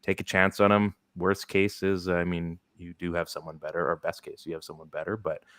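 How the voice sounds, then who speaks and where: A man's voice: low-pitched, level tone, a little fast, fairly bright tone, no echo. A man hosting a casual sports podcast, rambling along with plenty of filler words. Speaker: podcast host. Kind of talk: casual fantasy football podcast chat.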